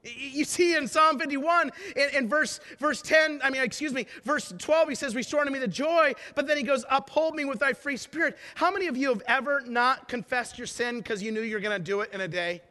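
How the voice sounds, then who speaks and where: A man preaching a sermon, animated, swinging between loud shouts and hushed prayer. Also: very high voice, brisk, few pauses. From northern Wisconsin. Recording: long hall reverb.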